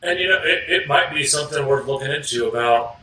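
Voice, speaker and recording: A man co-hosting a podcast, talking in a relaxed, rambling way and sometimes searching for words. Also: medium pitch, quick pace, slight background noise. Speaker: podcast co-host. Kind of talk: casual chat. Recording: roomy, mic a bit distant.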